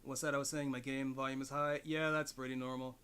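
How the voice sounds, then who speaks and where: A smooth, fairly bright mid-range voice with a level tone belongs to a fast-talking man chatting casually on a live stream. He thinks aloud from his home desk, rambling and swearing, with the mic set unusually far off at an odd angle.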